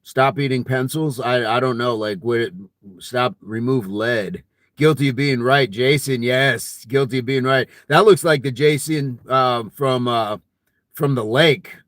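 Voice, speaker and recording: Man hosting a fitness live chat, joking with viewers, laughs a lot, medium pitch, dry close sound. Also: a little slow, a bit bright, dry recording. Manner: jokey and friendly, laughs often between remarks. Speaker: fitness channel live stream host. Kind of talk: casual live-stream chat reading viewer comments.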